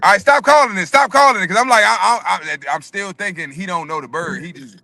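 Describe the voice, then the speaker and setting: A man telling a long story in casual chat, animated and profane, often repeating words. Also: sits high, brisk, gravelly, no echo. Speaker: podcast co-host telling a story.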